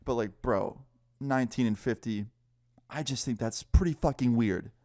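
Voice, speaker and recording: A young man casually telling a story time, animated and swearing, acting out what people said. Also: mid-range voice, normal speed, no room sound, studio quality. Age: young adult. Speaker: storyteller vlogger.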